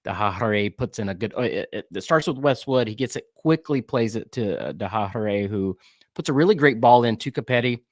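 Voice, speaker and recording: A man with a Southern US accent talks through match highlights as a podcast co-host. His voice sits on the low side and is recorded dry and close. He rambles easily, with fillers and restarts. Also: lively intonation, brisk, darkish tone, dry recording. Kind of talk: casual sports chat.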